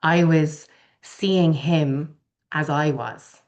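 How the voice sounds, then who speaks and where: A middle-aged woman with an Irish accent, a podcast guest telling a personal story in a candid, heartfelt, animated way. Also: low-pitched, normal speed. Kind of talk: personal storytelling in casual chat.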